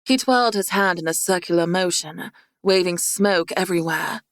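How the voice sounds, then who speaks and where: Reading scripted fantasy narration, this audiobook narrator keeps a steady, measured pace. She speaks in a fairly low voice, recorded at studio quality without room sound.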